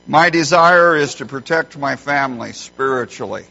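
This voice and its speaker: A middle-aged man preaching a sermon as a pastor, emphatic and animated when telling stories. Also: medium pitch, moderate pace, creaky. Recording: dull lo-fi sound.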